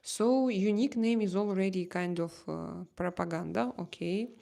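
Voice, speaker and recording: A Russian woman with a Russian accent hosting a casual livestream chat, reading comments and pausing often to search for English words. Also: medium pitch, vocal fry, dark tone. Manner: halting, searching for English words, many fillers. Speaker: livestream host.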